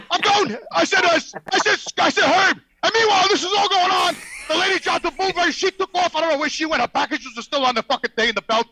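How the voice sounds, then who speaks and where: An older man telling a loud, swearing story on a podcast and acting out the other people in it. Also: very high-pitched, poor audio. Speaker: podcast regular. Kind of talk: profane storytelling.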